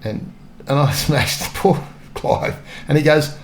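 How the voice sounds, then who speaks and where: A man's voice: on the high side, measured pace, a little hiss or hum. An Australian man in his sixties, a former police officer, telling anecdotes in a casual interview. He chuckles often and acts out the lines other people said.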